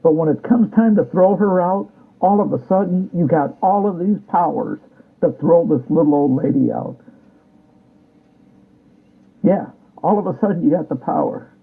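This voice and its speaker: A man's voice: fairly high pitch, normal speed, vocal fry, long pauses, breathy edge. A man delivering a combative, repetitive political rant, often ending his sentences with a challenging "all right?". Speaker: political commentator. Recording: tinny phone-like sound.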